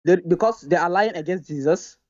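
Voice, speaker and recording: A man arguing in a heated live debate, reading slowly and haltingly and answering defensively. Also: high voice, a little mellow, muffled recording. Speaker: debate opponent.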